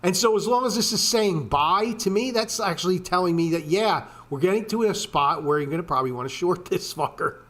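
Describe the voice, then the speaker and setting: Man, slightly higher voice, swearing a lot, rambling screen-share walkthrough, casual ranting host. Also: a little fast, few pauses, a bit bright. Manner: profane, ranting, frequent swearing and fillers. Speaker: trading video host.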